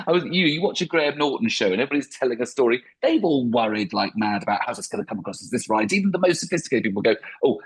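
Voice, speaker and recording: A man's voice: mid-range voice, slightly rough. A man, a stand-up comedian, talking reflectively in a podcast interview with frequent restarts.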